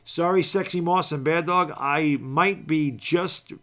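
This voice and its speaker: A man co-hosting a live sports stream, chatting casually, thanking viewers and calling plays, jokey and loud on big moments. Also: on the high side, takes it slowly. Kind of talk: live stream chat with play-by-play.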